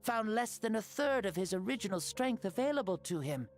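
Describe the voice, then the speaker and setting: A proud, ancient warrior spirit in a boy's body, voiced by a woman, declaims in a solemn game cutscene. His pitch leaps and falls with lively sweep, and faint music plays underneath. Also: a little fast, lightly acted.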